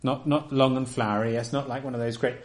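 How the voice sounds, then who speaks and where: A man preaching a sermon, earnest and emphatic, often dropping to a soft, quiet delivery. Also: mid-range voice, fairly even intonation, quick pace.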